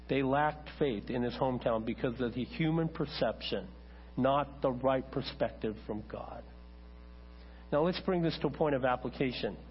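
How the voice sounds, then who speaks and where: A man preaching a sermon as a pastor, talking conversationally to his congregation and turning animated when he tells a story. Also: mid-range voice. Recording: dull lo-fi church recording with mains hum.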